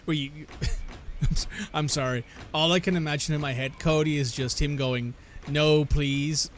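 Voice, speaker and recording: A man's voice: fairly high pitch, fairly even intonation, normal speed, a little hiss or hum. A man chatting casually while playing a video game, rambling and joking as he interrupts himself. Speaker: gamer commentating gameplay with friends. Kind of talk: casual gameplay commentary.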